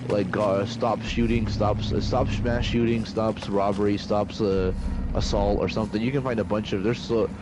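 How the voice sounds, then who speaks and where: A man's voice: fairly low pitch, fairly even intonation, moderate pace, heavy background noise. A man streaming a shooter game, rambling through stories in a loose, profane way. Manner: rambling, profane storytelling with laughs. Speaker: gaming streamer. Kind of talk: casual chat while gaming. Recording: loud in-game gunfire behind.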